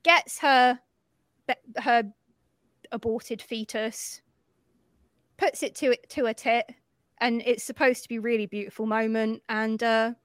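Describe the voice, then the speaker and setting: A woman co-hosting a podcast, recapping a film in casual chat, animated and sweary, acting out the characters' lines. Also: on the high side, measured pace, pauses often, smooth, no room sound, studio quality. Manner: animated storytelling, acts out quotes, swears freely. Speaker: podcast co-host.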